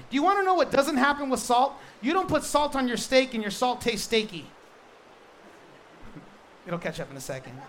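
A male pastor preaching a sermon in a lively, joking way, stressing points with quick repeated restarts. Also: very high voice, slight background noise.

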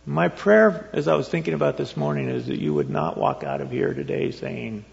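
Male pastor, gravelly and fairly high, chatty sermon with rhetorical questions, dull echoey church capture. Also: normal speed, hardly any pauses. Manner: rambling, rhetorical questions, reads scripture aloud. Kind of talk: conversational sermon. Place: church sanctuary.

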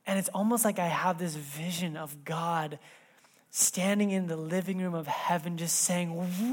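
A man in his thirties, a pastor giving a sermon in church, telling a family story in a conversational way that swings between soft asides and loud bursts. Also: high voice, fairly even intonation, unhurried.

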